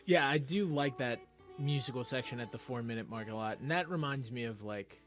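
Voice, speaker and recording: A man co-hosting a casual album review, opinionated and animated. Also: mid-range voice, a little fast, over music. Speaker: music review co-host. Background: album playing faintly.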